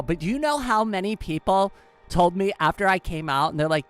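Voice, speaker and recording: Excitable woman streamer chatting w her viewers, giggles a lot, mid-pitched, some faint music behind. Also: normal speed. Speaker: live streamer. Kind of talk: casual live-stream chat.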